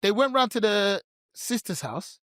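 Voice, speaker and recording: Man, podcast co-host, lively swooping delivery, dry close mic, slang-heavy storyteller. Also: high voice, a little slow, no echo. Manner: animated, laughs often, heavy slang. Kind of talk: casual storytelling chat.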